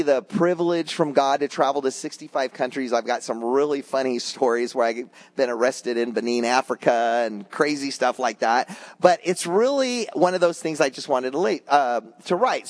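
An older man preaching a conversational sermon, telling anecdotes to his congregation. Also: fairly high pitch. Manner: animated storytelling, acts out voices in anecdotes; conversational, addresses congregation as guys. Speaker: pastor.

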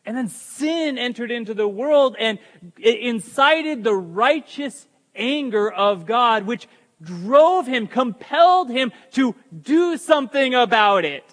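A man's voice: very high voice, animated, takes it slowly, a bit bright. A man preaching a sermon as pastor, emphatic, with joking asides to the congregation. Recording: long hall reverb.

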